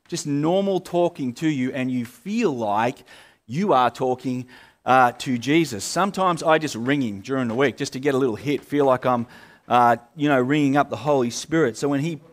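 A male pastor, preaching in a relaxed, conversational way, full of fillers and restarts. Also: mid-range voice, moderate pace. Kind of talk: sermon.

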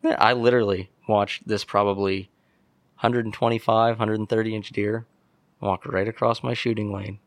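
A young man from Pennsylvania, a podcast guest telling an animated story and acting out what people said. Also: lowish voice, normal speed, dry recording. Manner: animated storyteller, acts out quotes. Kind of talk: casual storytelling.

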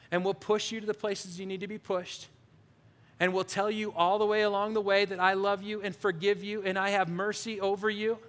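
A man preaching a sermon as a pastor, animated and shifting from loud bursts to hushed, prayerful passages. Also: high-pitched, in a large hall.

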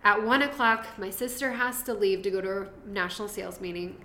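A woman's voice: medium pitch, fairly quick, pushed and bright. A young woman telling her birth story as a podcast guest, chatty and laughing, drifting into tangents. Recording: roomy echo.

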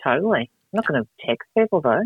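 Lively woman on a tinny radio line. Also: sits low, fast talker, slightly rough, no room sound. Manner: animated storyteller, acts out voices and laughs a lot. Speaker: political candidate and radio co-host. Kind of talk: casual radio chat. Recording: dry, phone-like radio sound.

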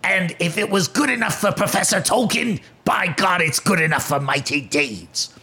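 A man voicing a menacing, contemptuous orc during a tabletop game, speaking slowly in a gravelly growl and barking insults. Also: high voice, lively intonation, pushed and bright, heavily acted. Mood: scornful. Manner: slow, scornful, barking insults.

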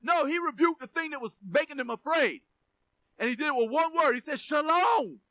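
A man's voice: very high voice, fairly quick, sharp tone, no room sound. A man preaching a sermon to his church, emphatic, often repeating words and asking for an amen. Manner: emphatic, repeats words, asks congregation for amens. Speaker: pastor.

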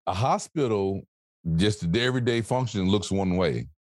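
A man's voice: fairly low pitch, normal speed, darkish tone, no echo, studio quality. A man, an author guest on a podcast, talking bluntly and profanely in a motivational casual chat. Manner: blunt, profane, preachy emphasis.

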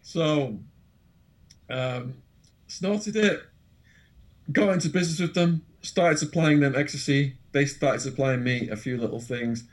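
A man with an English accent, an interview guest telling an animated, dramatic anecdote full of quoted voices. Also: fairly high pitch, measured pace. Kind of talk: storytelling anecdote.

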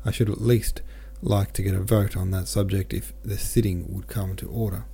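A man's voice: deep voice, moderate pace, vocal fry, breathy edge. A man narrating a classic novel as a podcast host, reading steadily and sometimes correcting slips. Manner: steady, with occasional self-corrections. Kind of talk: audiobook narration.

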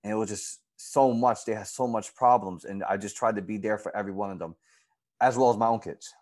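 Guy coach sharing his story, earnest and heartfelt, voice jumping up when he gets into it. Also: a little fast. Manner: earnest and emotional, lively pitch swings when retelling moments. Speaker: girls' softball coach, guest. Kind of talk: personal storytelling in an interview.

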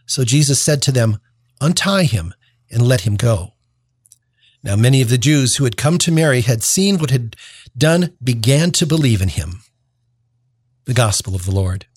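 A man's voice: medium pitch, animated, normal speed, pauses often, darkish tone, husky, no echo. A man reading a gospel passage aloud, then preaching a homily in an earnest tone, often restarting his phrases.

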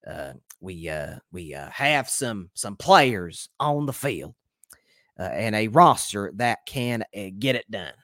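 Man impersonating an aging team owner, low and drawn-out, halting, dry close mic. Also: very animated, a bit bright, no room sound, exaggerated voice. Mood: reassuring. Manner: slow, low, halting delivery with drawn-out fillers. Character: older male football team owner, measured and upbeat. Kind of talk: impression within sports commentary podcast.

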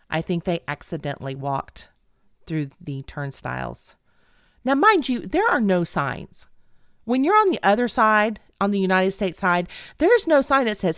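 A middle-aged woman telling a funny personal story in an animated, dramatic, self-mocking way. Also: on the low side, dry recording, clean studio sound. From Texas.

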